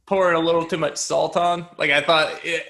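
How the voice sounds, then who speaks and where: Bright-voiced man hosting a podcast. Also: level tone, a little fast. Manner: rambling, laughing, acts out movie lines in a high voice. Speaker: podcast co-host. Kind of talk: casual chat.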